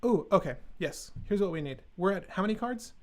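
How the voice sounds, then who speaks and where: High-voiced man joking with stream chat. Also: expressive, fairly quick. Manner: joking, sarcastic, talks to chat. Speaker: live stream host. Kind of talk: casual live stream deck building.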